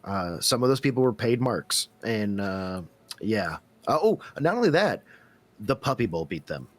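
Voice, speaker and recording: A man's voice: fairly low pitch, big pitch swings, normal speed. A man co-hosting a wrestling podcast in casual chat, laid-back and joking, often restarting his sentences. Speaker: podcast co-host.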